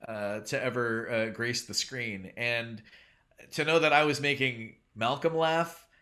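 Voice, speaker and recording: Man, bright forceful voice, mid pitch, interview guest, hesitant, lots of fillers. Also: steady tone, a little slow. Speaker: guest actor. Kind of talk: casual interview.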